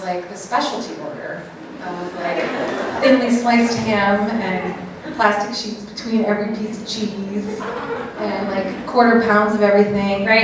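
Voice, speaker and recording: A woman giving a live talk to an audience, animated, acting out little quoted voices and often checking in with the crowd. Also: medium pitch. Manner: animated, acts out quoted voices, keeps asking "right?". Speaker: speaker at an event. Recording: very echoey room, mic far off, faint noise.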